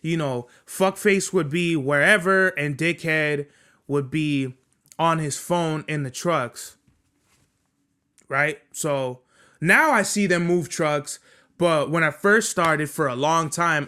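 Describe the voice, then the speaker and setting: A young man hosting a podcast, telling a workplace story as a profane, animated rant full of street slang. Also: on the high side, a little slow. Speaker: podcast host.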